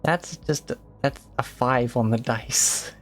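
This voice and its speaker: A man narrating as game master of a tabletop role-play stream, relaxed and rambling. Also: medium pitch, slow, soft background music. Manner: relaxed, rambling with many fillers. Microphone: home mic on a live stream.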